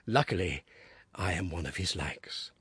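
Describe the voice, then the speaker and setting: A man doing a low, weary worried father. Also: measured pace, a bit bright, slightly rough, dry recording, heavily acted. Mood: tender. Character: worried, tender middle-aged father. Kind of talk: audiobook character reading.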